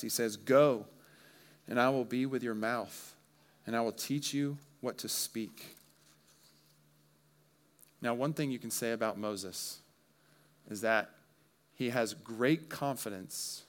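Smooth-voiced male preacher explaining scripture. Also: mid-range voice, a bit bright. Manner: earnest expository preaching with relatable asides. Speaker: pastor. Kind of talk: sermon.

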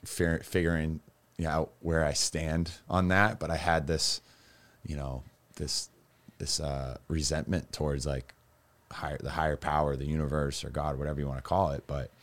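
A man's voice: very deep voice, level tone, moderate pace. A man telling his own story as a guest, rambling and candid, with lots of restarts and fillers. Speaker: guest recounting his recovery.

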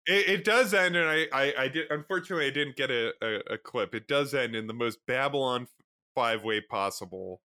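A man's voice: medium pitch, fairly quick, sharp tone. A man co-hosting a podcast in casual chat who steers the talk and rambles with many restarts. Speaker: podcast co-host.

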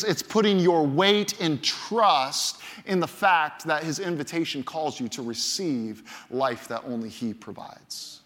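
Male pastor, high-pitched voice, emphatic, repetitive phrasing, long church reverb. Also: fairly bright tone. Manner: emphatic, repeats key phrases for effect. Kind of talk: sermon. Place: large church auditorium.

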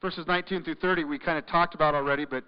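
A man preaching in a church, his voice sitting high for a man. His delivery swings from loud, insistent urging to hushed, searching questions. The sound is muffled and trails off in the long reverb of a big hall. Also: fairly even intonation, rapid-fire, clean tone. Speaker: pastor. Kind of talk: sermon.

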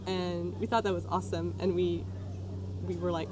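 A woman's voice: on the low side, little pitch movement, normal speed, a loud crowd. A woman who organizes a design community, chatting casually in a podcast and often restarting her words.

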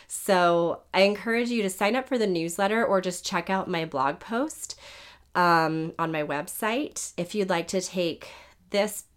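A woman with a somewhat low voice speaks casually as a podcast host, her voice scratchy and worn. She chats warmly to her listeners with frequent "like" and "um" fillers. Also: a little slow. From United States. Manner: warm-hearted and chatty, with fillers like "like" and "um". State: scratchy, strained voice.

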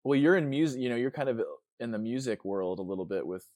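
A man's voice: mid-range voice, animated, fast talker, darkish tone, dry recording. Easygoing man host, rambling and dry-sounding. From Chicago. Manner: easygoing, rambling, searches for words. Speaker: podcast host. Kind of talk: casual interview chat.

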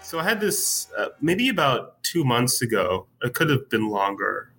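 A man talking as a guest in a casual interview, telling a story in a relaxed way with many fillers. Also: medium pitch, normal speed, slightly rough, faint music behind, rough recording. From United States. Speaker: writer, podcast guest.

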